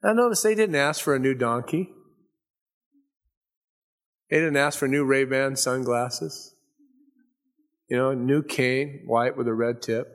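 Fervent male preacher in mid-pitch. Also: measured pace, long pauses. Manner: rises to loud fervent emphasis, drops to soft asides; conversational storytelling asides. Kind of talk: sermon.

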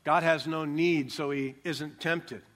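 A man's voice: a little high, steady tone, takes it slowly, a bit bright. An older man preaching a sermon as pastor, emphatic and joking, stressing key words.

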